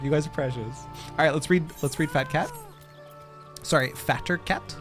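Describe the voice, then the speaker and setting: A man's voice: medium pitch, expressive, fairly quick, faint music behind. A man streaming a game, chatting casually with his viewers, laughing often and swearing freely. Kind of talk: casual live-stream chat while gaming.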